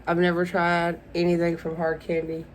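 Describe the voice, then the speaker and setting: Young woman, beauty vlogger, casual unboxing chat, gushing and emotional, lowish voice, faint hiss behind. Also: completely flat delivery, normal speed, poor audio. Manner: gushing, emotional, calls viewers "y'all".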